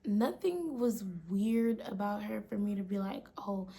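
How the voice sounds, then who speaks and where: A woman's voice: mid-range voice, expressive, a little slow, vocal fry, dark tone, breathy edge. A woman vlogger telling a storytime tale in a casual way, dropping "like" often and half-whispering at times. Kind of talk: storytime vlog.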